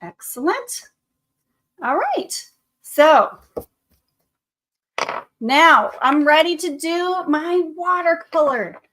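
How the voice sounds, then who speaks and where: A woman's voice: high-pitched, lively intonation, extremely slow, pauses often, a bit bright. A woman art teacher leading a painting tutorial for children, upbeat and encouraging, speaking to the viewer as to her students. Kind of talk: classroom drawing tutorial.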